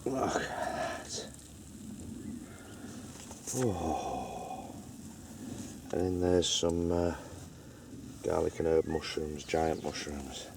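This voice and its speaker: A man's voice: rumbling low, steady tone, slow pace, vocal fry, long pauses, noisy background. A man chatting playfully to camera while cooking at a campsite, in a casual vlog. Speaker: vlogger. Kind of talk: casual camping vlog chat. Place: outdoors at a campsite.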